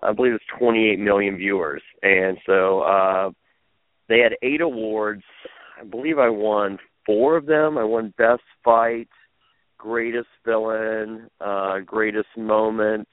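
A man's voice: on the low side, fairly even intonation, measured pace, no echo. A man telling stories as a podcast guest, rambling with many restarts and fillers. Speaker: podcast guest, former reality show contestant. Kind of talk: casual interview storytelling. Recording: phone-like lo-fi audio.

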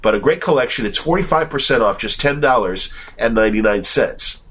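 Man, Chicago accent, head cold, podcast host, meandering casual talk, medium pitch. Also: lively intonation, a little fast, a bit bright, a little hiss or hum. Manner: rambling, many filler "uh"s. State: has a cold.

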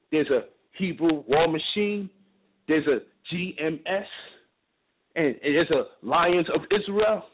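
A man's voice: fairly high pitch, slightly rough. A man giving an impassioned, profane monologue as a radio guest, hammering his points with rhetorical questions and repetition. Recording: tinny phone line with faint noise.

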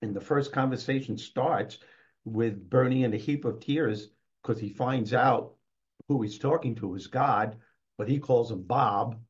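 A man, an author and motivational speaker, telling a story as an interview guest in a lively way and acting out the scenes, on dull lo-fi audio. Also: mid-range voice, measured pace.

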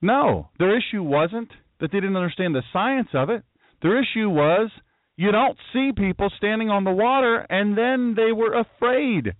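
A man's voice: high voice, expressive, normal speed, no room sound, narrow, tinny audio. A man preaching a sermon who tells the story dramatically and acts out the voices of the people in it. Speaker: pastor.

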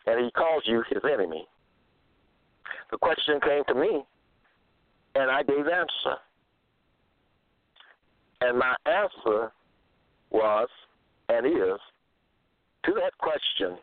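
A man's voice: mid-range voice, dry recording. A man giving a Bible teaching monologue, asking his listeners question after question and repeating himself. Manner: repetitive, asks listeners rhetorical questions. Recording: dry, phone-like lo-fi audio.

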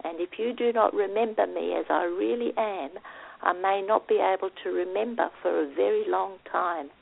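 A woman reading aloud as a gentle, loving female soul of light in a storybook, in a soft, hushed voice. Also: mid-range voice, moderate pace, creaky. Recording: phone-like line.

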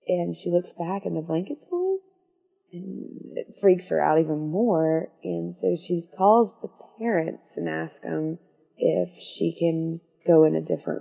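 A woman's voice: fairly low pitch, vocal fry, warm tone, slightly rough. A woman casually telling a spooky story on a podcast, rambling and correcting herself with wry asides.

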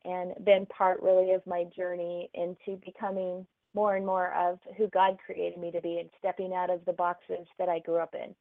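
A middle-aged woman with a light Oklahoma Southern twang, chatty and quick to laugh as she talks about her life. Her voice comes through a thin, phone-like remote call line with a dry, close sound. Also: lowish voice, level tone, no room sound. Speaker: guest author. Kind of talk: casual interview chat.

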